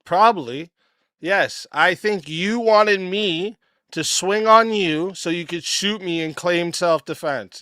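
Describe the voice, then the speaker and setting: A man streaming, his voice worn hoarse from yelling, ranting in a blunt, profane, confrontational way. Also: fairly high pitch, dry recording, clean studio sound. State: hoarse, voice nearly lost. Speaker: streamer and host. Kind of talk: ranting livestream talk. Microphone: desk mic, no headphones.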